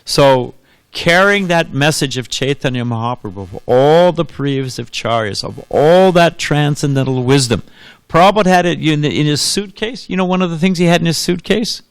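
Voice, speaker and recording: Storytelling monk, dry close sound. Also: male voice, on the high side, normal speed, clear, resonant tone, no room sound. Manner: anecdotal, asks the audience questions, laughs often. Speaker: monk giving a temple lecture. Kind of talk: storytelling sermon.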